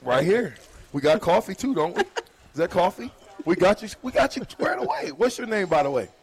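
A man's voice: high-pitched, very animated, brisk, slightly rough. A man hosting live on-location radio, bantering playfully and teasing the people around him. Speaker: radio host.

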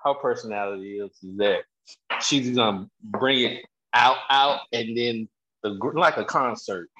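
A man's voice: mid-range voice, unhurried, crowd noise, poor audio. A man chatting casually on a group call, stammering and restarting his sentences. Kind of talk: casual chat.

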